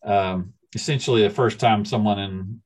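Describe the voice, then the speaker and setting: A man's voice: fairly low pitch, normal speed, breathy edge. A man leading a study group, teaching informally with a rambling, hesitant manner and many restarts.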